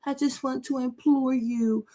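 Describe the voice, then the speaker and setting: A woman imitating a meek female bishop who pleads slowly and softly in an overly sweet tone. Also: high voice, steady tone. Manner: soft, slow, overly sweet.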